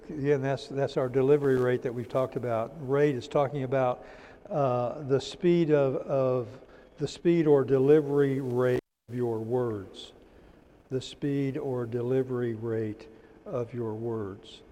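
Mellow-voiced man lecturing in a reverberant hall. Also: mid-range voice, fairly even intonation. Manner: repeats key terms slowly for note-taking; folksy, drops in "amen" and "praise the Lord". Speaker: instructor in a church teacher-training class. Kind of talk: classroom lecture with church asides.

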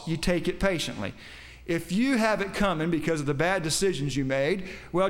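A man's voice: high-pitched, a bit bright. A man preaching a sermon, quoting scripture with emphasis and putting questions to his congregation. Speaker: pastor.

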